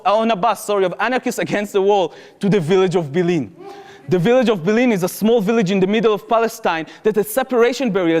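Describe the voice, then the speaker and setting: A man tells a personal story in an earnest, vivid way, with slightly phrasing. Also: sits high. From Israel. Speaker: public speaker, former soldier. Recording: reverberant hall.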